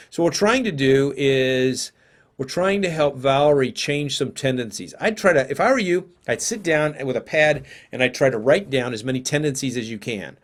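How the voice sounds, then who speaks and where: A man's voice: mid-range voice, animated, normal speed. A man teaching parents in a live seminar, talking conversationally and thinking aloud with occasional fillers.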